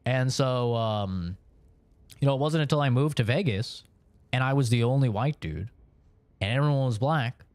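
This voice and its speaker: A man's voice: medium pitch, no room sound. A young man from Oregon, chatting casually with his stream chat in a rambling, profane way, laughing between points.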